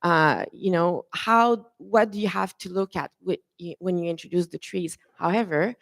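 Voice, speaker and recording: A woman moderating a conference panel, chatty and warm to her guests, with many fillers and restarts. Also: fairly low pitch, moderate pace, vocal fry, no echo. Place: conference room.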